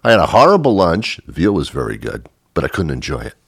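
A man's voice: low-pitched, huge pitch swings, fast talker, vocal fry, slightly rough, dry recording, studio quality. Indignant man ranting theatrically. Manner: theatrical, indignant, mock-pompous storytelling. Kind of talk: comic rant monologue.

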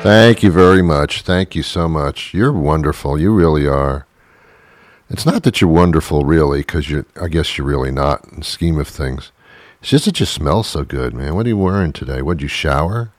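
A man's voice: rumbling low, normal speed, no room sound. A man hosting his own show, delivering a rambling, sarcastic comedic monologue and laughing at his own jokes. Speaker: show host.

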